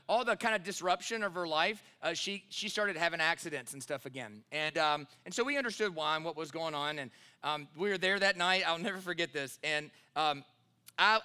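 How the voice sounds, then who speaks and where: Pastor guy in his 30s preaching, high clear voice, chatty storytelling w lots of uhs then gets emphatic. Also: sharp tone. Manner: conversational storytelling with many fillers, rising to emphatic. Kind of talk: sermon.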